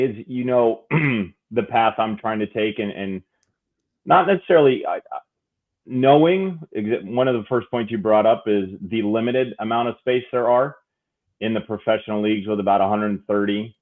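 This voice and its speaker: A man with a fairly low voice rambles through a long question, restarting and hunting for words as he goes. He is an aspiring amateur play-by-play announcer calling in. The sound is thin and tinny, as if it comes through a phone line. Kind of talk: asking a question on a talk show.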